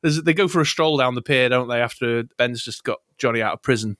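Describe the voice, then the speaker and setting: A man's voice: medium pitch, quick pace, a bit bright, no room sound, studio quality. A man co-hosting a casual podcast, wryly reading out his notes on a film. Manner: wry, reads from notes, chuckly. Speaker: podcast co-host. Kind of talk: casual chat.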